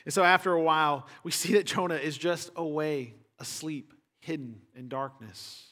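A man with a slightly raised voice preaches in a loose, conversational way. He acts out characters in quick asides and climbs to loud, emphatic peaks. His voice rings with a long hall reverb, as in a church sanctuary. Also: a little high. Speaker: pastor. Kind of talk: sermon.

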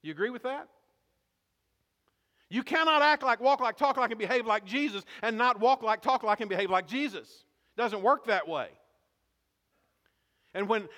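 A man's voice: high-pitched, pushed and bright, big-room sound. A man preaching a sermon as pastor, asking the congregation questions and calling for responses.

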